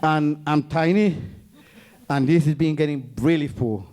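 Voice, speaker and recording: A man from Guatemala tells a story live on stage, animatedly acting out the voices of the people in it. His voice is fairly high-pitched and a little slow.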